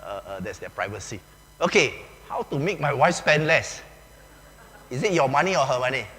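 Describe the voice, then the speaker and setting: Preaching in a large church hall, this Malaysian-accented pastor keeps his sermon conversational and full of jokes, leaning on "okay" and "lah." He has a mid-range, bright, forceful voice with lively intonation at normal speed, and the echoey recording carries a faint hum.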